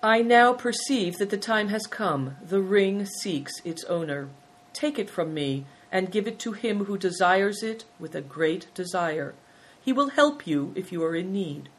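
A woman voicing a kindly, wise old male abbot who speaks calmly and benignly. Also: medium pitch, slightly rough, pitched above the performer's own voice, poor audio. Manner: calm, benign, unhurried.

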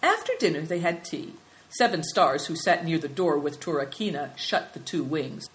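A woman narrating a children's storybook in an expressive reading. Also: sits low, normal speed, poor audio.

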